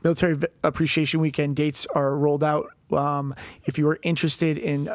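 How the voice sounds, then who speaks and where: A man, a company CEO appearing as a podcast guest, chatting casually and often halting and restarting his sentences. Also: a little high, flat delivery, no room sound. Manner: halting, stammers and restarts when moved.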